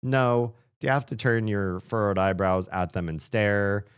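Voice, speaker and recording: A man's voice: lowish voice, measured pace, smooth, dry recording, clean studio sound. A man streaming a story game, chatting casually and playfully as he comments and often laughs.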